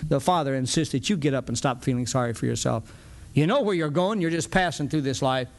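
A man with a fairly high voice delivers a folksy, conversational sermon. He talks animatedly, acting out little exchanges and chuckling as he goes. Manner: animated, folksy, acts out dialogues with frequent chuckles. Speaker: preacher.

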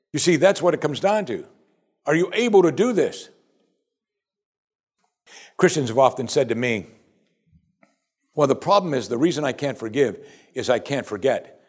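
A man preaching a sermon. He climbs to loud, high emphasis, then sinks to quiet, soft passages, and asks his listeners question after question. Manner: asks the congregation repeated rhetorical questions. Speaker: pastor.

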